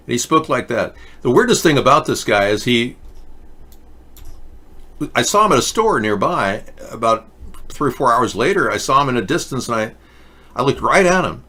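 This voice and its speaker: A man's voice: medium pitch, big pitch swings, normal speed, sharp tone. Male host with a mid-range voice who talks casually and rambles through jokey asides. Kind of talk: casual commentary monologue.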